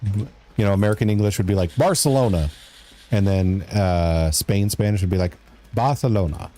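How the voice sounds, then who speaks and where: Low, mellow-voiced joking male streamer. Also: flat delivery, moderate pace. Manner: joking and rambling, reading out and answering chat. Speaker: game streamer. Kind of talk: casual live-stream chat while playing a game.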